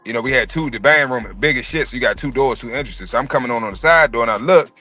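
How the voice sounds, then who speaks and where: A man in his thirties telling a personal story in casual chat, profane and animated. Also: medium pitch, quick pace, soft background music. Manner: profane, animated storytelling, acts out quoted voices.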